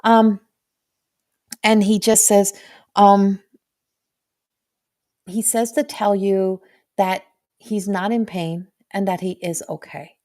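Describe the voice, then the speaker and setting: A woman's voice: medium pitch, little pitch movement, a little mellow. A middle-aged woman speaks as a medium in a live reading, her voice in an ordinary middle range. She gropes for words, restarts sentences and fills gaps with "like" as she passes on what she senses. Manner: halting, searching, full of restarts and "like". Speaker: intuitive medium.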